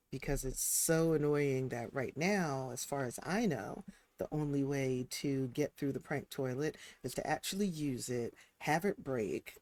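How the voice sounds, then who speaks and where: A game streamer with a medium-pitched, darkish voice gives casual commentary during a live stream. As they play, they talk to the characters on screen.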